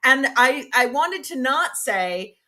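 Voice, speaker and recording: A woman author, a guest on a podcast, telling an anecdote in a lively, self-deprecating way. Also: high-pitched, slow. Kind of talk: casual storytelling in an interview.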